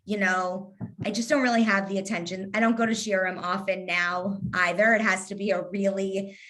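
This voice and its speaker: A woman's voice: medium pitch, steady tone, normal speed, a bit bright. A woman in her thirties from Kentucky with a light Southern accent, talking as an interview guest in a sarcastic, witty way. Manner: sarcastic, witty, laughs easily. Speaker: guest, lifestyle influencer. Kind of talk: casual interview conversation.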